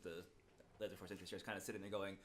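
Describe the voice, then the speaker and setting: A man's voice: deep voice, little pitch movement, racing, fairly bright tone, slight background noise. A man on a casual podcast, blunt and sweary, with a dry manner.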